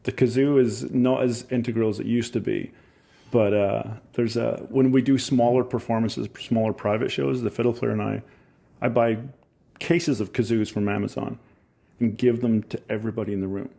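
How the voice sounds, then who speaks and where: A man's voice: mid-range voice, steady tone, moderate pace, creaky, warm tone. A musician man talking casually as a podcast guest, easygoing and self-deprecating, often restarting his phrases.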